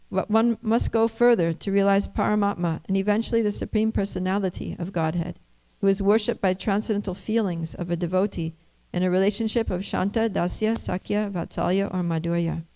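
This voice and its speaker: A woman's voice: medium pitch, dark tone, poor audio. A woman giving a scripture class, telling a story and reading commentary aloud in a conversational way with many fillers. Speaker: religious class speaker.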